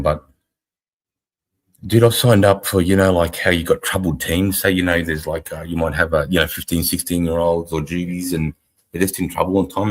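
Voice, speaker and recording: This middle-aged Australian army veteran, co-host of a podcast, speaks in a low, breathy voice. On a live stream he chats casually and rambles, blunt and profane throughout.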